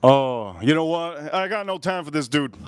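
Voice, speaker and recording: A man chatting on a livestream, excitable and rambling as he talks to his viewers. His voice sits a little high, and the sound is close and dry. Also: moderate pace, smooth, dry recording. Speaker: livestream whiskey reviewer. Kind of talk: casual livestream chat.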